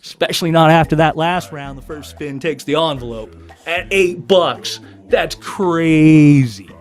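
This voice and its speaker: A man's voice: fairly high pitch, measured pace, soft background music. A man hosting a casual live-stream sale, chatting with viewers and doing card tricks as he talks. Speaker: livestream seller and breaker. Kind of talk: casual livestream selling patter.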